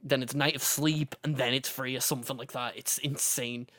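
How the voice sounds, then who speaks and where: A man's voice: medium pitch, steady tone, normal speed, sharp tone, no echo, clean studio sound. A man co-hosting a casual podcast, laid-back and easygoing in his banter. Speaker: podcast co-host. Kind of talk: casual chat.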